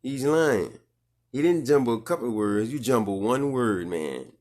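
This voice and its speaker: A man's voice: mid-range voice, animated, moderate pace, darkish tone. A man with a New Orleans accent giving blunt, sarcastic commentary as he reacts to a clip. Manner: sarcastic, blunt, repetitive, slangy.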